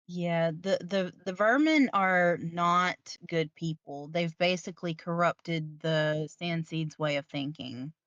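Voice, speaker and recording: A woman chatting slowly and agreeably about a book she enjoyed. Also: on the low side, fairly bright tone, no echo. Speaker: book reviewer co-host. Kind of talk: casual chat. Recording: dull, dry lo-fi mic.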